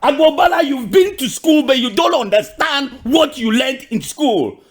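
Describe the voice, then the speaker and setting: A man's voice: very high-pitched, expressive, moderate pace. A man with a Cameroonian accent giving an impassioned political monologue, repeating questions and restarting with emphasis. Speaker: political commentator.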